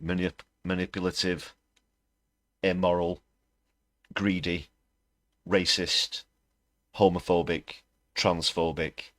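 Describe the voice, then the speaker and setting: A man with a very deep voice hosts a livestream of political commentary. He talks in a sarcastic, scornful way. The recording is dry and close, with no room sound. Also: flat delivery, slow, pauses often, fairly bright tone, dry recording. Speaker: livestream host.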